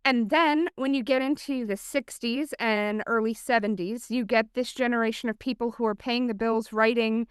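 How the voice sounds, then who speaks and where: A woman's voice: a little high, steady tone, moderate pace, few pauses, clean tone, no room sound, studio quality. A woman co-hosting a podcast, casually explaining her ideas in long, thoughtful sentences. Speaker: podcast co-host. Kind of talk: casual chat.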